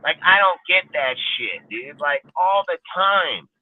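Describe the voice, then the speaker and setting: A man's voice: on the high side, lively intonation, a little slow. A blunt man rants in a casual, profane way, dropping "dude" and "like" all through his talk. His voice comes through thin and phone-like, with a dry sound and no room echo. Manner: blunt, heavy swearing, repeats "dude" and "like". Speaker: podcast co-host.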